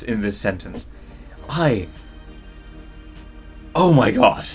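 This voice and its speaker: A man reading a story aloud and mocking it, exasperated, laughing and swearing. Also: medium pitch. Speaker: channel host. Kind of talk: comedic dramatic reading and commentary.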